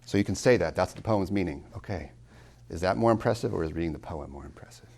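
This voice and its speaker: A deep-voiced man lecturing on poetry, with a gravelly, fry-laden edge. He swings from loud emphasis to hushed near-whispers, lingering on words he loves. He drops playful asides to his students. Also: expressive. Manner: dramatic swings in loudness, drops to near whispers when savoring lines; slow, deliberate emphasis on key words. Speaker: college tutor giving a lecture.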